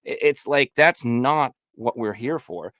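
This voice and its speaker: A man's voice: mid-range voice, animated, a little slow, a bit bright, no room sound. A man hosting a podcast, ranting heatedly and profanely in casual talk, now and then mocking people in made-up quotes. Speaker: podcast host.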